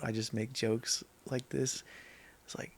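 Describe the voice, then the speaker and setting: A man chatting casually on a podcast, telling stories with lively quoted voices. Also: medium pitch, measured pace, gravelly, husky. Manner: animated storyteller, quotes friends in put-on voices. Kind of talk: casual chat.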